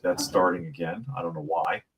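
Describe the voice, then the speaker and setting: A man's voice: low-pitched, fairly even intonation, fairly quick, background noise. A man hosting a casual opinion show on the news, sarcastic and improvising jokes while reading articles. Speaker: news commentary host.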